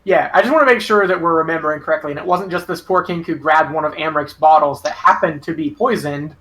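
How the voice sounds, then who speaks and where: A man playing a tabletop game, talking quickly and checking details with the group. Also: on the high side, sharp tone. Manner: quick, checking details, hesitant when in character. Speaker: player. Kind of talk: casual game talk and in-character speech.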